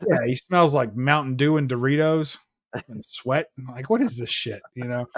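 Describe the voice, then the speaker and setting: A man's voice: medium pitch, animated, moderate pace, no echo. A man hosting a casual chat, telling a heated, profane story and acting out the quotes. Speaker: host.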